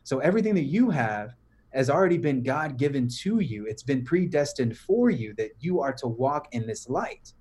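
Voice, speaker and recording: Young man, podcast guest, slangy, animated storytelling, mid-pitched voice. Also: moderate pace. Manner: slangy, animated retelling with "bro" and "right?". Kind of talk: casual storytelling.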